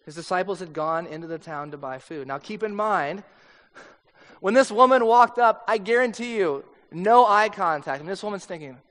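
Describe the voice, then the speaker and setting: A male pastor preaching with a relaxed, conversational, storytelling manner. His voice sits fairly high. He is recorded in a church sanctuary with a long hall reverb. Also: normal speed. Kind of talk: sermon.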